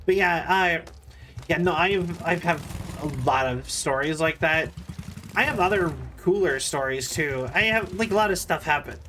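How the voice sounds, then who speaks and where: A man's voice: fairly high pitch, normal speed, bright, forceful tone, a little hiss or hum. A man streaming and chatting casually while he plays, telling rambling, self-deprecating stories with stammering restarts. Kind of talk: casual chat while gaming.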